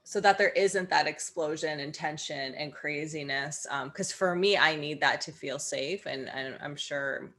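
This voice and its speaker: A woman co-hosting a casual conversation, speaking in a measured, earnest way. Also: low voice, a bit bright. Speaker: co-host.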